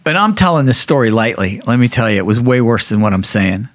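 Man, podcast guest, candid storytelling, blunt, profane, restarts sentences, voices quotes with big pitch leaps, dry close sound. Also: animated, quick pace, no room sound.

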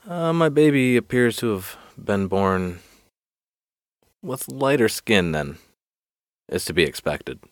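A man voicing a calm, sly village leader who speaks in a slow, deadpan way in a spoken joke. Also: on the low side, no room sound, clean studio sound, voice pushed up.

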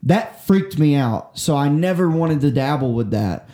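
This young man's voice is fairly high and mellow, animated yet a little slow as he tells a lengthy personal tale in casual chat. The story wanders, packed with curses and restarts, and the recording carries room echo.

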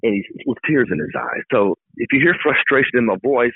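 A man's voice: medium pitch, animated, a little fast, breathy edge, no echo. A middle-aged man, a political candidate giving fervent, emphatic answers in an interview. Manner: fervent, emphatic, repetitive speechmaking. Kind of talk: campaign interview. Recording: dry tinny phone line.

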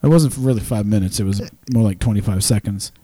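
A man's voice: lowish voice, fast. A man in a casual argument with friends over a spilled beer, defensive and repeating his point. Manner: animated, defensive, repeats himself. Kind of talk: casual bar banter.

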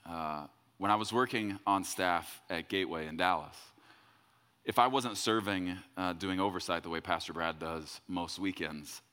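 A man's voice: low voice, fairly bright tone, in a large hall. A middle-aged man, a pastor, telling a story in a sermon in a loose, conversational way. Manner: conversational, repeats words when quoting himself.

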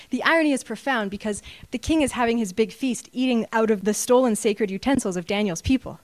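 A woman's voice: fairly high pitch, fast talker, hardly any pauses, no echo. Earnest woman preaching a sermon. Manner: earnest, builds to emphatic peaks. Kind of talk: sermon with slides.

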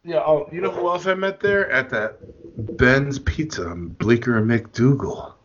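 A man co-hosting a casual podcast, telling rambling stories in an excitable way and laughing often. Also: mid-range voice, a little slow, slight background noise. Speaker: podcast co-host. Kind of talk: casual chat. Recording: dull lo-fi podcast audio.

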